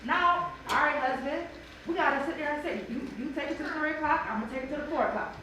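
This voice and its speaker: A high-voiced woman tells an emotional, animated story to a church bible study group, acting out the voices of the people in it. She sounds far from the mic in a very echoey room with steady background noise. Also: fast. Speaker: mother sharing in bible study. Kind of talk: personal testimony in a group discussion.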